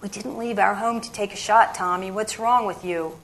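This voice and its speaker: A woman reading as a sharp, suspicious young woman. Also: mid-range voice, steady tone, moderate pace, slight background noise, lightly acted.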